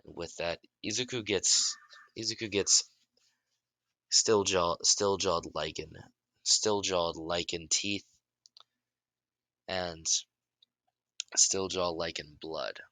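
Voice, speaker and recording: Deep-voiced man narrating a fan story. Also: steady tone, no echo. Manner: halting, many restarts and self-corrections; bursts into loud shouts for dialogue.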